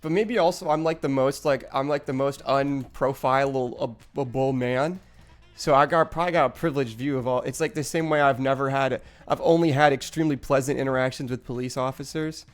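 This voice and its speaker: A man's voice: medium pitch, fairly even intonation, fairly quick, faint music behind. A young man streaming live, rambling in casual, profane chat with lots of restarts.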